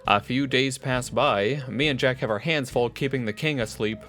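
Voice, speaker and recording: A man's voice: medium pitch, moderate pace, a bit bright, faint music behind. A man voicing a story game playthrough, reading narration and characters with joking asides. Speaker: game streamer reading a visual novel aloud. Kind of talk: casual voiced playthrough.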